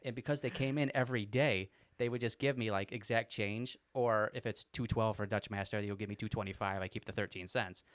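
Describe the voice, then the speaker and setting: A young man co-hosting a podcast, telling stories in a rambling, animated way. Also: lowish voice, a little fast, hardly any pauses, dry recording. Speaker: podcast co-host. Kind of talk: casual storytelling chat.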